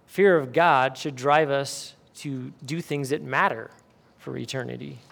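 A man's voice: a little high, vocal fry, a bit bright. A male pastor preaching a sermon emphatically, asking rhetorical questions.

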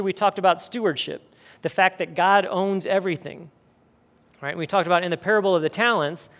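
A male pastor delivers a sermon in an emphatic, earnest manner. His voice sits a little high for a man, and he drives his points home with rhetorical questions.

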